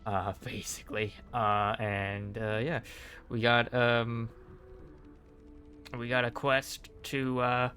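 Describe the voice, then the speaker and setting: Slow, rambling British man recapping a game. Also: medium pitch, fairly even intonation, bright, forceful tone, faint music behind. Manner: rambling, many fillers and restarts.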